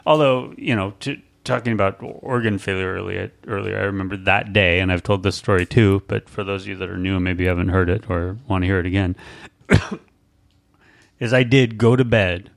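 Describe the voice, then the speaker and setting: Gravelly, low-voiced man chatting casually. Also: fairly even intonation. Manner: rambling, halting, many fillers and restarts. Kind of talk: casual podcast chat.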